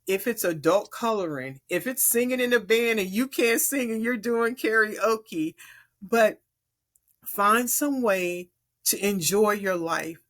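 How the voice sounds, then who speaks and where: A middle-aged woman from Chicago, a podcast guest speaking in an earnest, encouraging, deliberate way. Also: mid-range voice. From Chicago, USA. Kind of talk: earnest advice in conversation.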